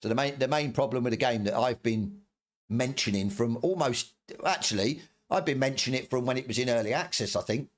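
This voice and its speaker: A man's voice: mid-range voice, fairly quick. A middle-aged man streaming a heated, swearing rant, stumbling over his words and repeating himself. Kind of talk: angry ranting commentary.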